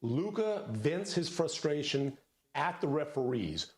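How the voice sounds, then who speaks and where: A man reporting on basketball in a brisk, matter-of-fact way. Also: on the high side, sing-song. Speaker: sports reporter. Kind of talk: sports analysis clip.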